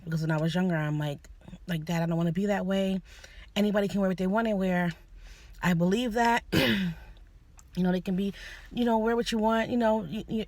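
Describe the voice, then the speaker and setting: In her personal vlog, a young woman whose voice is fairly low and darkish talks sincerely to camera about her views. She keeps stopping to restart and apologize.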